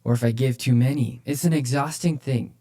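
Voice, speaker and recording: A man's voice: mid-range voice, steady tone, a little fast, dark tone. A man co-hosting a church podcast, talking casually and with energy about faith, often repeating phrases for emphasis. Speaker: podcast co-host, church leader.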